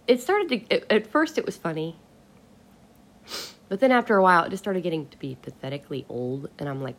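A woman's voice: on the low side, animated, brisk. A woman hosting a casual solo podcast, ranting bluntly and with exasperation, swearing casually. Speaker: podcast host.

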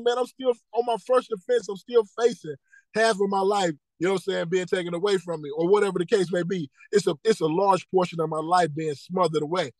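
In a casual podcast interview, a motivational speaker gives earnest personal testimony about his life, acting out conversations and repeating key phrases. His high-pitched voice is steady and a little fast, with no room sound but poor audio quality.

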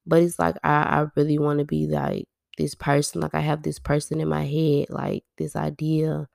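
A woman's voice: low-pitched, completely flat delivery, moderate pace, vocal fry, darkish tone, no room sound, studio quality. A woman, musing candidly and at length in a personal monologue, packed with "like". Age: 20s. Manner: rambling, heavy use of "like", candid and self-reflective. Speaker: podcast host.

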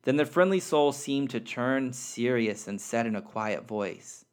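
A man reads a spiritual story aloud as a podcast host. His mid-pitched voice stays soft, measured and sincere. His narration flows steadily between the lines of dialogue.

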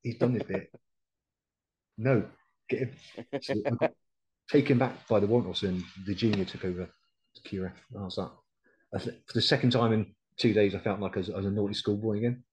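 A man's voice: fairly low pitch, brisk, pauses often, darkish tone, low-quality recording. A middle-aged man, a military veteran, telling his story bluntly in a casual interview, with plenty of swearing. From United Kingdom. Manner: blunt, sweary, quotes others as he tells it. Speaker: podcast guest, decorated RAF Regiment veteran.

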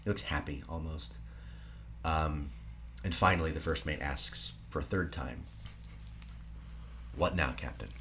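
Man, podcast co-host, very low voice, dramatic plot retelling with hushed moments, faint hum. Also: a little slow, pauses often. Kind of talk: casual film recap podcast.

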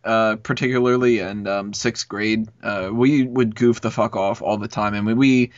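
A man's voice: fairly low pitch, fairly even intonation, moderate pace, no echo. A man hosting a casual chat, telling a long school story with lots of swearing and fillers. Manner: rambling, profane, lots of fillers. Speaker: podcast host. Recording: dull lo-fi recording.

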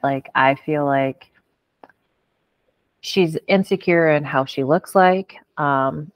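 A woman hosts a casual recap chat, giving blunt, frank opinions with the odd swear word. Her voice is deep for a woman, and the sound is dry and close. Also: dry recording. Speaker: podcast host.

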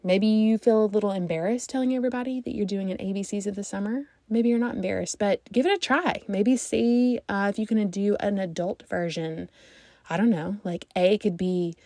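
A woman's voice: medium pitch, gravelly, warm tone, no echo, studio quality. A woman in her thirties, a mom vlogger chatting casually to her viewers, rambling and thinking aloud.

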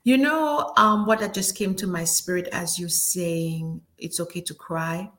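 Reflective woman host, soft at times. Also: lowish voice, measured pace. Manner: reflective, affirming, drops into near whispers. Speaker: talk show host. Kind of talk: casual chat.

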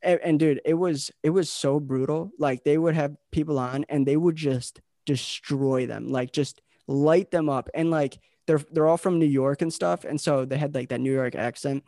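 A man's voice: fairly high pitch, steady tone, moderate pace, few pauses, mellow, no room sound, studio quality. A young man hosting a podcast, chatting casually and rambling with lots of filler words. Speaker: podcast host.

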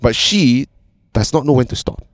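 A man's voice: medium pitch, expressive, moderate pace, no echo, studio quality. A man chatting casually, rambling and repeating words, swearing freely and often asking "right?". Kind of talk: casual chat.

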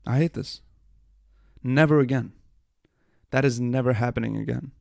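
A man's voice: mid-range voice, moderate pace, creaky, darkish tone, dry recording, clean studio sound. A young man hosting his own podcast over a livestream, talking casually, swearing and mocking himself. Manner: frustrated, profane, self-mocking. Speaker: podcast host.

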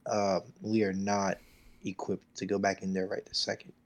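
A man playing a tabletop game, asking quick questions about the scene. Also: sits low, completely flat delivery. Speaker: player.

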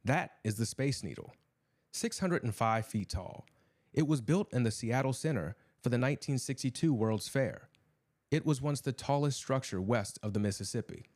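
A man's voice: mid-range voice, expressive, normal speed, a little mellow. A man voicing a menacing, cultured imprisoned killer who talks in a cold, sneering, cryptic way.

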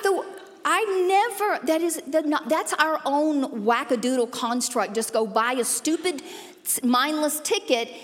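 A woman pastor giving a sermon, animated, playful and emphatic, with sudden jumps in pitch and loudness. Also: long reverb tail. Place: church auditorium.

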